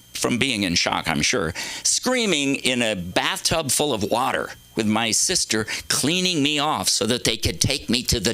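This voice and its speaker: A man's voice: mid-range voice, sharp tone, no echo. A middle-aged man doing a rambling, profane, self-mocking stand-up set on a comedy club stage.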